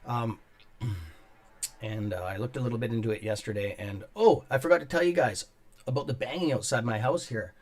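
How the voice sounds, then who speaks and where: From a top-floor home studio, a man runs a casual stock market livestream, rambling, swearing and greeting chat viewers by name. His voice is medium-pitched with a darkish tone and normal speed. He clears his throat and coughs often.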